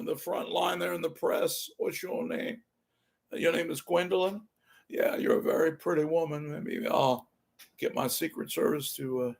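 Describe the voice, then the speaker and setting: A man doing an impression of a well-known former president, with a high, hushed, drawling voice. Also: vocal fry.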